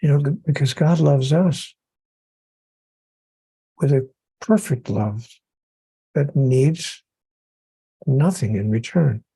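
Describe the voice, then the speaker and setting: Gravelly-voiced man speaking earnestly. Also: medium pitch, takes it slowly, pauses often, warm tone, no room sound, rough recording. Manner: earnest, builds points through repetition. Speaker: author and podcast guest. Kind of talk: spiritual conversation on a podcast.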